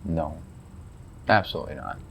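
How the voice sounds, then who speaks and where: A man's voice: rumbling low, very animated, normal speed, creaky, a bit bright, a little hiss or hum. A man co-hosting a talk show, speaking bluntly and with strong opinions. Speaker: podcast co-host. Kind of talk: casual political chat.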